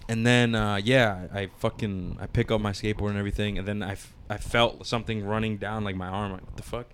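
A man's voice: lowish voice, fairly even intonation, a little fast, a little hiss or hum. Young male co-host, loose and profane, restarts a lot, casual podcast storytelling. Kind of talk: casual chat.

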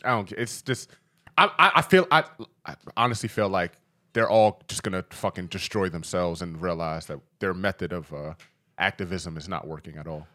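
A young man with a somewhat low voice talking on a podcast. He speaks earnestly but haltingly, often restarting and repeating words as he works through his point. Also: bright, forceful tone. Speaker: podcast co-host. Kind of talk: casual chat.

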